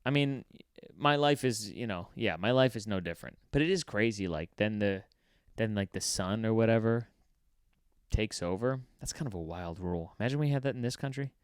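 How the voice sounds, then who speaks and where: A man's voice: lowish voice, fairly quick, clear, resonant tone, dry recording, clean studio sound. A man hosting his comedy podcast, rambling through a profane, offhand solo monologue. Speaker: podcast host.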